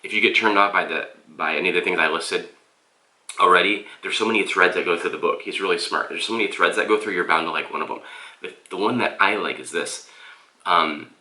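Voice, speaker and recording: Deep-voiced man, rambling vlog review. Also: a little fast, pushed and bright, reverberant. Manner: rambling, addresses viewers as "guys". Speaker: book reviewer. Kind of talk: casual vlog book review. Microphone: camera mic.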